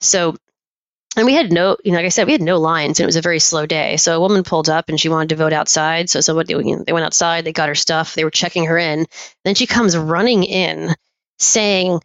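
A woman guest on a podcast, a poll worker, telling anecdotes in a chatty, animated way and laughing often. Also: low-pitched, fairly quick, no echo. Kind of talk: casual podcast storytelling. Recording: dull, dry lo-fi audio.

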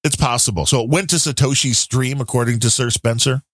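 Jokey animated male podcast co-host. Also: fairly quick, dry recording, studio quality. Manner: animated, jokey, swings pitch up when exclaiming. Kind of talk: casual tech chat.

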